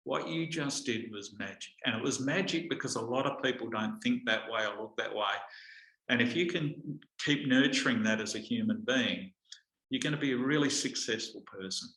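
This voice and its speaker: A man, a guest telling stories in a relaxed conversation, with lots of fillers and restarts. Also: mid-range voice, moderate pace. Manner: animated anecdotes with frequent fillers and restarts. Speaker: guest speaker. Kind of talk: conversational storytelling. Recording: echoey room.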